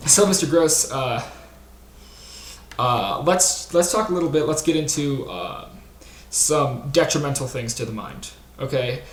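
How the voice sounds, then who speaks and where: A man's voice: mid-range voice, animated, unhurried. A man hosting a comedic conspiracy stream, brash, rambling and profane, talking into a desktop mic. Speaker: stream host. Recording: roomy with faint hiss.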